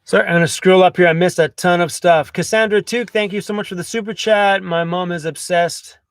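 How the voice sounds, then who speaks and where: Canadian guy, livestream host, higher-pitched, rambling and casual, dry close sound. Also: fairly even intonation, fairly quick, clear, resonant tone, no room sound. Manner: chatty, loose, frequent fillers and apologies. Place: inside a camper van.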